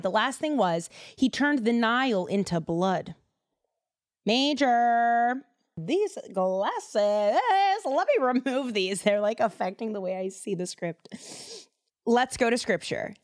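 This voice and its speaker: A young woman hosts a podcast and retells a Bible story in a chatty, slangy way. Her voice sits on the higher side and moves up and down a lot. The sound is dry and close. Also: expressive, unhurried, no room sound. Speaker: podcast host.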